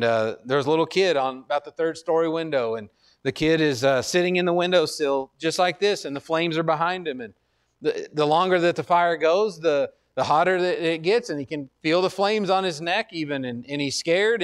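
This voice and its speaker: A man pastor preaching a sermon in an earnest, conversational way, repeating key phrases and restarting his sentences. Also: fairly high pitch. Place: church.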